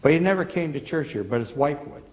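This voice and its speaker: A man's voice: fairly high pitch, animated, a little mellow, big-room sound, slight background noise, rough recording. A man preaching as pastor, telling loose anecdotes with many restarts and questions to the congregation. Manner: halting, repeats words, asks the congregation questions. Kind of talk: rambling sermon anecdotes. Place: church sanctuary.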